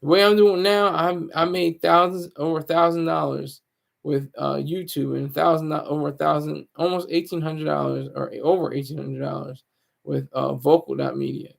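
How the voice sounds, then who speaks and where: A man with a raised, gravelly voice talks loosely to his viewers. He rambles and jokes at his own expense, with plenty of false starts as he circles his point. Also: fairly high pitch, fairly even intonation, moderate pace. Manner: rambling, self-mocking, many restarts. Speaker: YouTuber. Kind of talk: casual rambling monologue.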